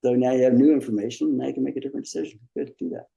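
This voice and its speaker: A man's voice: medium pitch, rapid-fire, vocal fry, dark tone, highs cut off. A man, a dentist and business coach, talking as a podcast guest in a rambling, repetitive, encouraging way. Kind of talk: casual interview conversation.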